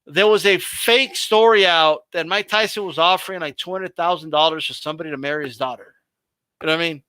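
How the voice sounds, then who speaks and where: High, bright-voiced man riffing on boxing. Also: clean tone, dry recording. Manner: animated, swearing, laughing, slangy. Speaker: host. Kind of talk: casual boxing chat on a livestream.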